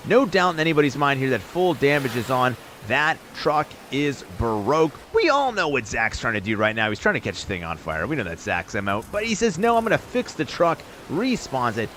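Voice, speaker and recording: A man streaming and giving quick, upbeat live commentary on viewer runs in a game, calling scores and turn order. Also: medium pitch, fairly bright tone, slight background noise. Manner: upbeat, quick hype calls with laughs.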